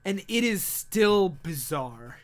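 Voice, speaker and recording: Man, high voice, podcast co-host, excited and jokey. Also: slow pace, a crowd in the background. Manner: enthusiastic, laughs often, jokey asides. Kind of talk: casual comic book chat.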